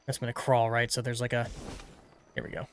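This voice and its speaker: A man's voice: mid-range voice, completely flat delivery, fairly quick, creaky, faint music behind. A man streaming a video game, rambling chattily through casual commentary. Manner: rambling, many fillers, chatty.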